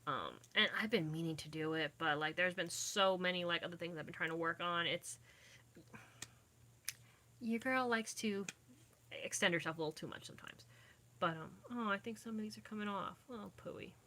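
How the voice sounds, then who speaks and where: A young woman vlogger chats casually with viewers from inside her dim home, filmed on a phone camera, rambling and losing her train of thought. Her lowish voice is bright and forceful at a normal speed, with a little hiss or hum.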